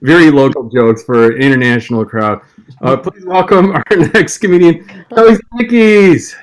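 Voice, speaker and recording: A man's voice: on the high side, normal speed, rough recording. A man hosting a comedy show in a loose, rambling way, laughing often. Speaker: host.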